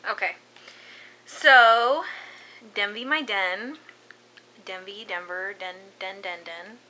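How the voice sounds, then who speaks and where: A woman's voice: medium pitch, slow pace, pushed and bright, rough recording. A woman hosting a casual chat, telling a spooky story and laughing often. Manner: giggly, breaks into laughs while telling.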